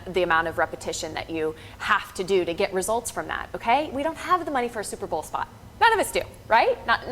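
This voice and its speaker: Woman, workshop co-presenter, earnest, explanatory, faint background noise. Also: medium pitch. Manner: earnest and explanatory, many fillers and "right?" checks. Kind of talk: live workshop talk.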